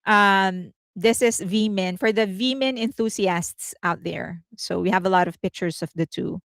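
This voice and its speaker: A woman hosting a casual entertainment news livestream, chatty and rambling, laughing often and thinking out loud. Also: mid-range voice, a little slow, vocal fry, no room sound.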